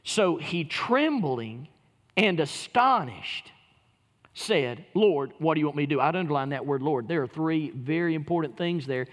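Male pastor mid-sermon, slightly raised pitch, dramatic hushed-to-booming swings, echoing sanctuary. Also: expressive, a little slow. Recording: long hall reverb.

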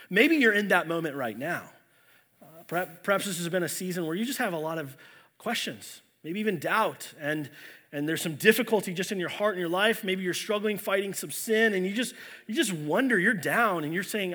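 Bright-voiced man preaching a sermon. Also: high-pitched, lively intonation, moderate pace. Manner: earnest, storytelling with many restarts. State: unwell. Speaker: pastor. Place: church.

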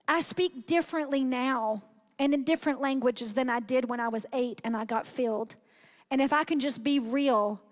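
Woman preacher, high voice, animated, conversational sermon.

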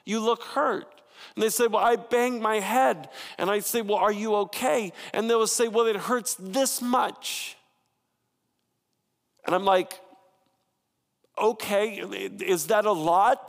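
A male pastor in his thirties delivers a sermon in a conversational, storytelling way with playful asides. His voice sits high for a man. The sound carries a long hall reverb. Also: a bit bright.

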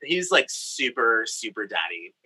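A man's voice: mid-range voice, sing-song, a little slow, sharp tone, husky, poor audio. A young man from Brazil, a storyteller with a campy, candid, playful way of talking, recording in a home craft studio. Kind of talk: personal storytelling.

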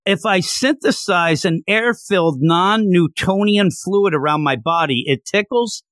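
Give me a smug comic agent, taunting and quick, as a man reads him out. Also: high-pitched, fairly bright tone, no room sound, studio quality, voice pushed up.

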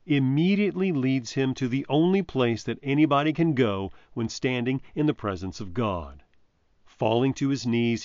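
A man delivers a short devotional reflection in a measured, reverent voice of middle pitch. The recording is dry and a little dull, as if made close to a modest microphone. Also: no room sound. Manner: measured, reverent reading with emphatic quotes. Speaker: preacher.

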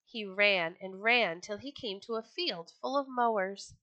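A woman reads a storybook aloud with a bright, ringing voice and lively expression. The sound is close and dry, with no room around it. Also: medium pitch, a little slow, no room sound, highs cut off. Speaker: storyteller, podcast host.

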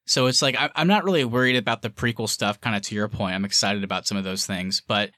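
Casting: man, podcast co-host, bright forward tone, dry close mic, rambling fan chatter. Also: fairly low pitch, quick pace, dry recording. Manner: chatty, rambling, with many fillers and laughs. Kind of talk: casual fan discussion.

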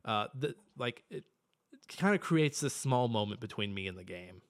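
A young man co-hosting a casual podcast, ranting profanely and excitably, with sudden bursts of yelling. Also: fairly low pitch, normal speed. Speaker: podcast co-host.

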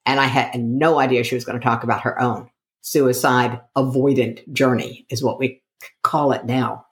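Animated middle-aged woman telling a story. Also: extremely low pitch, moderate pace. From United States. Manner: animated storyteller acting out quoted dialogue. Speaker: guest, coach. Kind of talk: storytelling interview.

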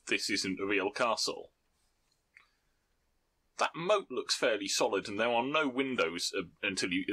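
A man's voice: on the low side, pushed and bright. A man narrating as game master in a tabletop game, laughing often and rambling with restarts. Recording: faint background noise.

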